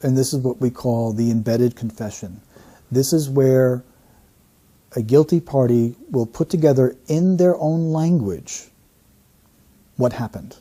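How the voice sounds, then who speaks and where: A man working as a statement analyst, giving deliberate, teacherly commentary. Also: medium pitch, dark tone, breathy edge. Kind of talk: explanatory commentary.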